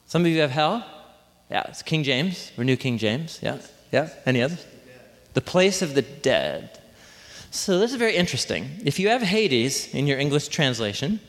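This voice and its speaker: A man's voice: a little high, a bit bright. Guy giving a chatty sermon, asks the crowd stuff, big echoey hall. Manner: conversational, questions the congregation. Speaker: pastor. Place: church hall with congregation. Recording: long hall reverb.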